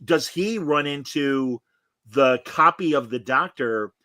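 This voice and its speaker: A man co-hosting a casual fan chat, opinionated and animated, with frequent restarts. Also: medium pitch, slow pace, no room sound. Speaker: podcast co-host.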